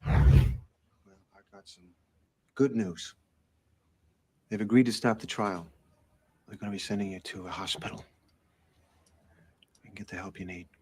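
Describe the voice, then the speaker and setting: An actor playing a calm lawyer in a film scene, speaking quietly and reassuringly. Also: male voice, on the low side, moderate pace, long pauses, slightly rough. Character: calm middle-aged male lawyer, reassuring. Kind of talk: film dialogue.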